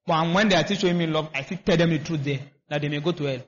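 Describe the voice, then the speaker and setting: Guy preaching, high voice, keeps repeating, gets the crowd to fill in words, muffled recording. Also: fast. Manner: repetitive, asks the congregation to finish his lines. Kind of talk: sermon. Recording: dull lo-fi recording.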